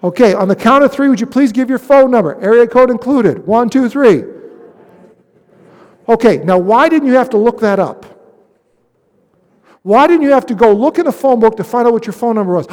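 A male pastor preaching a sermon, animated and full of questions, swinging between loud appeals and hushed asides. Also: very high voice, normal speed. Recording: long hall reverb.

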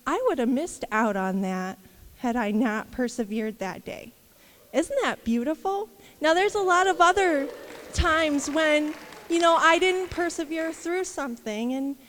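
A woman minister giving a candid, rambling devotional talk full of fillers. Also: high-pitched. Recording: long reverb.

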